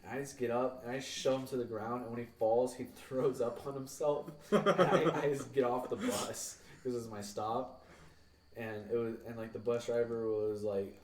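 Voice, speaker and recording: A man's voice: mid-range voice, fairly even intonation, moderate pace. A young man, a podcast co-host, telling rambling, profane stories about school and acting out the people in them. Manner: rambling, swears, acts out quoted people. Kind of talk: casual storytelling. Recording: echoey room, mic at a distance.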